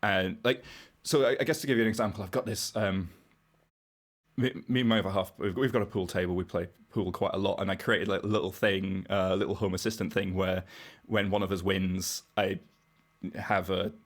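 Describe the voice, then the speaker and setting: A British man with a fairly low voice talks through technical ideas on a podcast. He is casual and wry, working out his points aloud for the hosts. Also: fairly even intonation, fairly quick. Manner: explanatory, wry, thinks aloud. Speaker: podcast guest, browser engineer.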